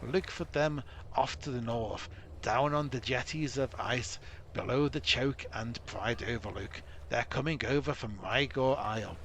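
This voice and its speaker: A man voicing a weary male dwarf survivor in a rough put-on accent, dramatically retelling a disaster. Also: medium pitch, unhurried, fairly bright tone, a little hiss or hum. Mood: dramatic.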